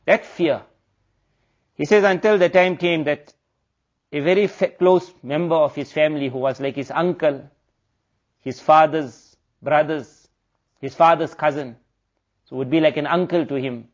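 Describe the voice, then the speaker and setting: A man's voice: fairly high pitch, moderate pace, highs cut off. A man preaching a sermon, telling a story earnestly and mixing in Arabic and Urdu religious terms. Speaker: Islamic preacher.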